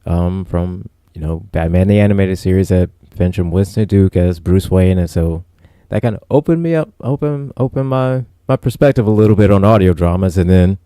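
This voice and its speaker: A man's voice: sits low, normal speed, warm tone, no echo, clean studio sound. A man co-hosting a podcast, talking in a laid-back, rambling way during a casual review chat. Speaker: podcast co-host.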